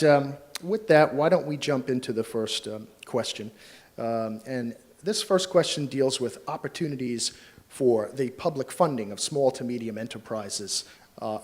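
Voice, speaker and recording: An American man moderating a panel at a conference workshop, talking in a relaxed, chatty way with many fillers. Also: mid-range voice.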